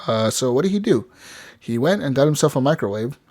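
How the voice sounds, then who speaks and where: A man's voice: mid-range voice, animated, brisk, a little mellow. A man co-hosting a gaming podcast, telling a long story in casual chat, swearing often and acting out what people said. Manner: rambling storyteller, swears a lot, acts out quoted voices. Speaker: podcast co-host.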